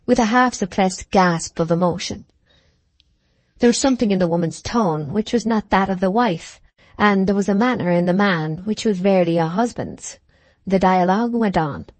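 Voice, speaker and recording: Her fairly low voice carries a classic novel as she narrates an audiobook, keeping the storytelling steady and measured. There's no echo.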